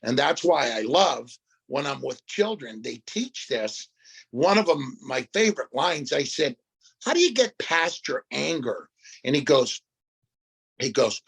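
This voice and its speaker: An older man as a podcast guest, telling lively stories and quoting children he has worked with. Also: medium pitch, a little slow, vocal fry, breathy edge. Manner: animated storyteller, quotes children. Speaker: guest speaker. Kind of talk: conversational podcast interview.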